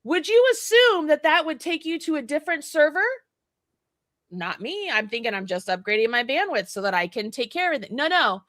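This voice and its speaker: Woman host, fifties, high voice, lively storyteller who swears. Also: fairly quick, dry recording, clean studio sound. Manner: animated storyteller, acts out dialogue, swears freely. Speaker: podcast host. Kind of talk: casual chat.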